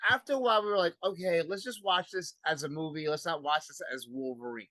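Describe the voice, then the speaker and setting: A man's voice: fairly high pitch, fast talker, sharp tone, dry recording. A man with a Brooklyn accent hosting a casual podcast chat, rambling and repeating himself. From Brooklyn, New York. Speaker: podcast host.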